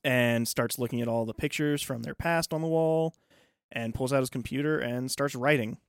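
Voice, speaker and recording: A man's voice: mid-range voice, normal speed, clear, resonant tone, no room sound, clean studio sound. A man co-hosting a casual podcast, retelling film scenes and acting out the characters' lines. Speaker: podcast co-host. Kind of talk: casual movie discussion.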